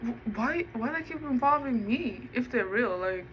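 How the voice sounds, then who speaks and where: A woman's voice: on the high side, animated, moderate pace, a bit bright, slight background noise, low-quality recording. A woman talking to the camera in a rambling personal vlog, musing aloud and drifting between topics. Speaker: vlogger.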